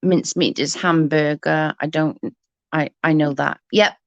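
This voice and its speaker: A woman's voice: deep voice, steady tone, a little slow, creaky, no room sound, highs cut off. A young adult woman ranting heatedly in casual chat, swearing often and restarting her sentences. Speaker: livestream guest.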